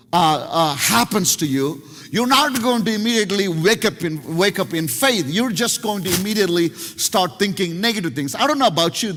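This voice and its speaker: A man preaching a sermon as pastor, telling stories in an animated way and often restarting his sentences. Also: high voice. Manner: animated storytelling with many restarts. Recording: long hall reverb.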